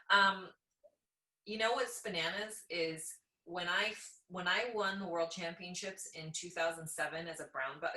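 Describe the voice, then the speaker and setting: Bright-voiced Canadian woman telling stories. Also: deep voice. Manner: animated storyteller, laughs often. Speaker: podcast guest, jiu-jitsu black belt. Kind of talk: casual conversation. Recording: echoey room.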